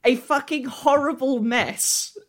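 A man's voice: extremely high pitch, slow pace, fairly bright tone. A young man co-hosting a film review podcast, teasing his partner and laughing often. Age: young adult. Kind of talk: casual chat.

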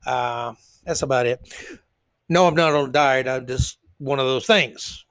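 A man's voice: medium pitch, unhurried, a bit bright, dry recording. A man hosting a solo commentary podcast, sarcastic and rambling with blunt asides. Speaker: podcast host.

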